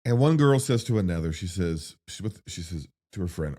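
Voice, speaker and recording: Male movie-reaction host, very low voice; rambling, profane, excitable delivery. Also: normal speed. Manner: excitable and rambling, with profanity and big pitch swings when worked up. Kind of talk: spoken film reaction.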